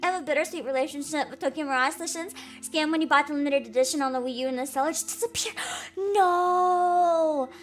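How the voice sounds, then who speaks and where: A woman's voice: sits high, fairly even intonation, fast talker, soft background music. A woman streaming live as a VTuber, hyper and giggly, chatting casually, swearing freely and greeting viewers by name.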